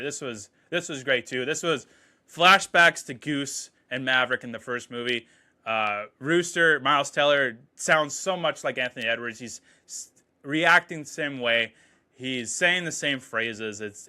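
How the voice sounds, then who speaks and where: A man giving a casual, excited movie review, swearing freely and paraphrasing scenes as he goes. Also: mid-range voice. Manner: excited, profane, quotes scenes in quick paraphrase.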